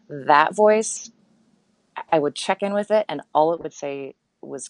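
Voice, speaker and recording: A woman's voice: low-pitched, normal speed, no echo, poor audio. A woman in her thirties, a guest in a casual interview, talking candidly and reflectively with many fillers and restarts.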